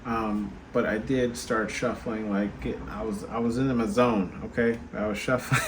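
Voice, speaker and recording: A man's voice: on the low side, measured pace. A tired man hosting a casual tarot card reading, chatting straight to viewers with lots of fillers. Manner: chatty, many fillers, talks to viewers directly. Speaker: tarot card reader and channel host. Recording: steady background noise.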